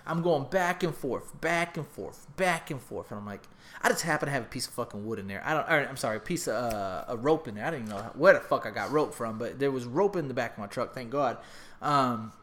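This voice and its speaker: A man's voice: mid-range voice, lively intonation, a little fast, fairly bright tone. A man hosting a podcast, telling a long profane story in casual chat, acting out voices and sound effects. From half Mexican. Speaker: podcast host.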